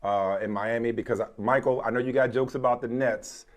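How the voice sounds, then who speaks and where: A man's voice: mid-range voice, steady tone, fairly quick, noisy background. A man co-hosting a sports talk show, playful and teasing, often restarting his words. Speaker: co-host.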